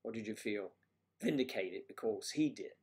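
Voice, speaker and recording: A man's voice: on the low side, lively intonation, normal speed, a little mellow. A man hosting a casual livestream, rambling and joking as he answers viewers' comments. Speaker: livestream host.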